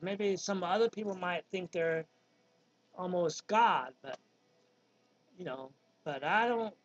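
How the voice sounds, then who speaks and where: Rambling Virginia man in his fifties. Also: on the high side. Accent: Southern American (Virginia). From Virginia, USA. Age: 50s. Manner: rambling, digressive, with many ums. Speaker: vlogger. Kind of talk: casual monologue. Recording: dull lo-fi recording.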